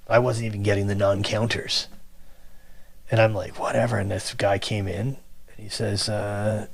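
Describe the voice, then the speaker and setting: A man casually telling a long personal story, animated and acting out the people he quotes. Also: lowish voice, moderate pace, vocal fry, breathy edge. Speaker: guest telling his story.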